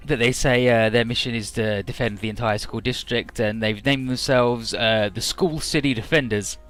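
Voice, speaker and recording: A man's voice: mid-range voice, fairly even intonation, normal speed, fairly bright tone. A man giving crude, joking let's play commentary, rambling as he recaps a game's story. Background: faint game music.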